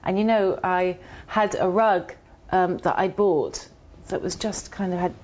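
A woman's voice: fairly low pitch, darkish tone, slight background noise. Earnest woman, muffled recording. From United Kingdom. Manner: earnest, halting, with frequent restarts. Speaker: interview guest. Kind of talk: reflective personal account. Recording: muffled, dull audio.

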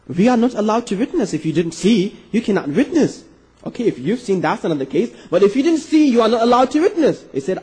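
A man's voice: fairly quick, slightly rough, poor audio. A man preaching a sermon to an audience, telling a story and acting out its dialogue with rising, emphatic delivery. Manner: animated, acts out the dialogue with rising pitch for emphasis.

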